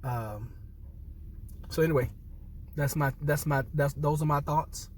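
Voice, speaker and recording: A man's voice: fairly high pitch, unhurried, a little mellow, recorded from a distance, slight background noise. An upset man, a military veteran, speaking earnestly to viewers, repeating himself and restarting phrases as he holds back tears. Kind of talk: impassioned personal commentary to camera.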